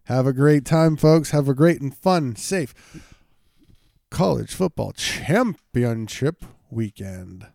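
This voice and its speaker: A man's voice: medium pitch, expressive, slow, creaky, darkish tone, dry recording, clean studio sound. A young man co-hosting a casual sports podcast, jokey and hyped, repeating phrases for effect. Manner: jokey, hype-driven, repeats himself. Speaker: podcast co-host.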